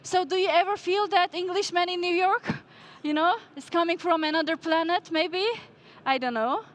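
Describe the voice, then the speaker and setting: A woman with a high voice presents at a conference, walking her audience through ideas point by point. She tosses out rhetorical questions and speaks in slightly non-native English. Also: moderate pace. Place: conference stage before an audience.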